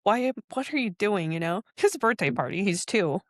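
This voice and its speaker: A woman's voice: fairly low pitch, big pitch swings, normal speed, dry recording, studio quality. A woman in her forties, a podcast guest, telling her story in casual chat, candid and emotional, acting out the voices of people she quotes.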